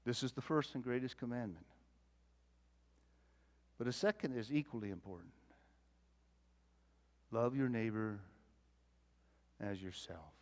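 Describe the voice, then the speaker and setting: A male pastor delivering a folksy sermon, swinging between loud emphasis and quiet asides, often repeating words as he thinks. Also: mid-range voice, unhurried, pauses often. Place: church sanctuary.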